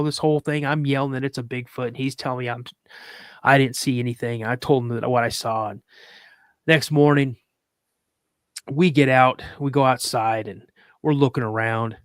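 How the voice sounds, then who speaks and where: A man's voice: mid-range voice, steady tone, moderate pace, long pauses, clean tone, dry recording. Rambling man telling a story, dry sound. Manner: rambling, with many restarts and fillers; acts out other people's lines in a raised voice. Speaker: podcast guest. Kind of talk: casual storytelling.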